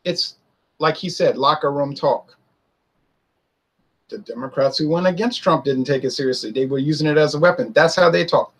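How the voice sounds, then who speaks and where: A man giving a casual political opinion monologue, animated, often mimicking others in a high mocking voice. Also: normal speed, husky. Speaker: political commentator.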